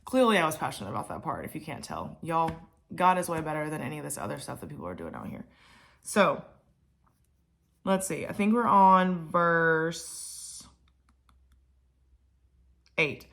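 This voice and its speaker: A woman's voice: low voice, very animated, moderate pace, vocal fry, pauses often, fairly bright tone. A woman vlogger giving a casual Bible reflection, chatty with many fillers and asides.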